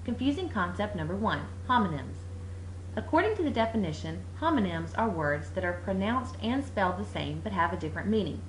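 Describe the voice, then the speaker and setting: A woman walks through a lesson on confusing words, her pitch leaping up and down as she stresses each example. The recording sounds roomy, with a faint hiss behind her. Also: a little fast. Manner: lively, playful emphasis on words. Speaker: teacher. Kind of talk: animated explainer narration.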